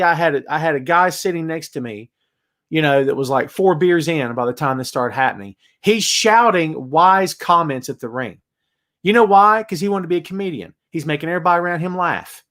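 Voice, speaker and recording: A man hosting a wrestling chat show, talking casually in an animated, ranting way and laughing often. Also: sits high. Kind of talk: casual live-chat rant.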